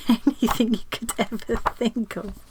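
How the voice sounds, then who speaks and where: A woman with a fairly high voice chats casually from her craft room. She is excitable and gasps often as she unboxes parcels. A faint background noise sits under her voice. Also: measured pace. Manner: chatty and excitable, gasping and laughing often. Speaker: craft channel host. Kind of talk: casual chat while unboxing mail.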